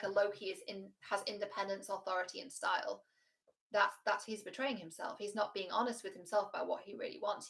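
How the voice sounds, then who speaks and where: Woman coach ranting casually about a show, frank, swears a lot, pretty lively. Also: mid-range voice. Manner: frank, animated, swears freely. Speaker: relationship coach. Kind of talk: casual reaction commentary.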